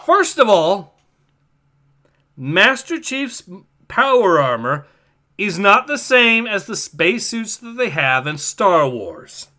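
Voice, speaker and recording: A man's voice: high voice, very animated, takes it slowly, bright, forceful tone. A man hosting a livestream comic reading, reacting animatedly, swearing and reading out chat comments.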